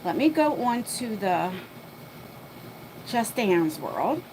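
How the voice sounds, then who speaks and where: A chatty woman hosts a live stream from her home, a little out of breath as she sets up her laptop. Her voice sits on the higher side, with faint room noise behind her. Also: sing-song, a little mellow, low-quality recording. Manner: chatty, talks to viewers and her dog while rushing around. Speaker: livestream host. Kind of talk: casual live chat. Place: home, moving between floors.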